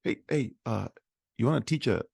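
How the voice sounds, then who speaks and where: A man imitating his spunky, fast-talking male mentor, eager and repeating himself. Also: medium pitch, animated, vocal fry, darkish tone, husky, no echo, studio quality, voice pushed up, heavily acted.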